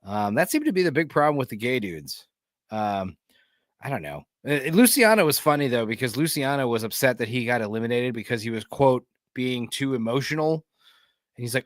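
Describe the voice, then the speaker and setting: A man's voice: mid-range voice, moderate pace, dry recording, studio quality. A man hosting a podcast, riffing casually and jokingly with lots of fillers while watching a reality show. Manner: animated, joking, rambling with fillers. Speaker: podcast host.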